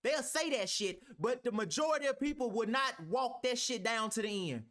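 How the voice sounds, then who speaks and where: A man's voice: extremely high pitch, lively intonation, moderate pace, a bit bright. A man reacting to a clip, heated and argumentative, talking with heavy profanity. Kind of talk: ranting reaction commentary.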